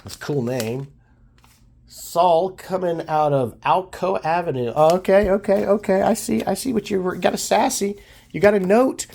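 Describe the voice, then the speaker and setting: A hoarse man hosting a card collecting channel, chatting casually and enthusiastically as he opens his mail. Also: high voice, measured pace. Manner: upbeat, enthusiastic, shouts out teams. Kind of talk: casual chat opening mail.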